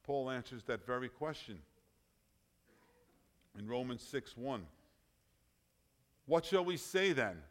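A man preaching a sermon, emphatic, often rising in loudness and then dropping low. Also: expressive, takes it slowly, pauses often.

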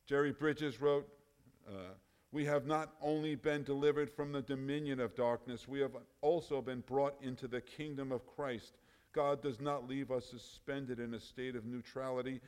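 Male preacher, sermon delivery, emphatic, swings from loud to quiet. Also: mid-range voice, steady tone, normal speed, clear, resonant tone. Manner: emphatic, rising and dropping in loudness.

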